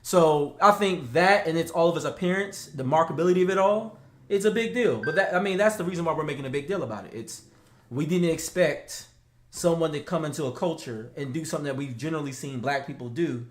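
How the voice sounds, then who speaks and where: A man co-hosting a casual talk show, animated and slangy, laughing often. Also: on the high side, fairly quick, echoey room. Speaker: podcast co-host. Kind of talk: casual chat.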